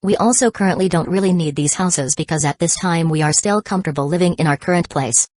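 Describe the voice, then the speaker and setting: A woman voicing a devoted young woman from a storybook, speaking calmly and earnestly. The tone is low, recorded close and dry. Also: fast, no room sound, close to an everyday voice. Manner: calm, even delivery.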